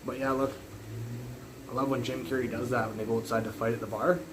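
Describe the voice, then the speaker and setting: A man live-streaming from his kitchen on a phone, rambling loudly and swearing while he cooks and chats. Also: medium pitch, flat delivery, quick pace, noisy background. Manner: rambling, loud, swears a lot. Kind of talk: casual live-stream chat while cooking. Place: home kitchen.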